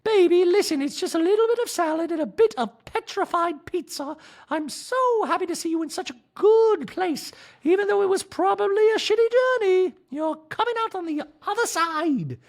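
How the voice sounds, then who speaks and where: A man voicing a gushing, shrill woman reality star who talks in a sing-song, syrupy way. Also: animated, normal speed. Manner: sing-song and syrupy, calls people darling.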